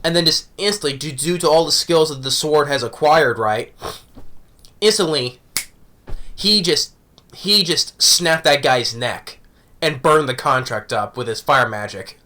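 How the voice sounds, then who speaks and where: A man's voice: a little high, a little slow, sharp tone. A man giving a casual, rambling review of an anime episode, often tagging on "right?".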